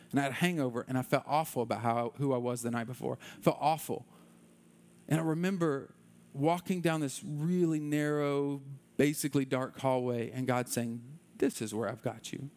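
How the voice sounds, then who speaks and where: A man preaching a sermon in an earnest, repetitive way that rises to passionate intensity. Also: a little high. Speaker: pastor.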